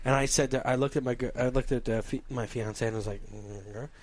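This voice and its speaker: A young American man chatting casually, animated and joking as he tells a story. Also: medium pitch. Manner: animated, storytelling, quick to joke. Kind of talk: casual podcast banter.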